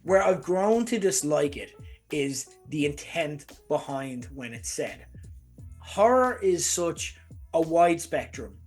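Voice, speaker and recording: A man's voice: a little high, lively intonation, slow pace. A male host delivering an emphatic, exasperated opinion rant, swearing for emphasis. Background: faint lo-fi background music.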